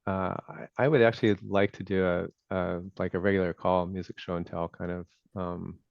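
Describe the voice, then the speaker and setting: A man hosting a group video call, speaking haltingly with many fillers. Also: low voice, level tone, vocal fry, dry recording. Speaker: call host. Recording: dull lo-fi call audio.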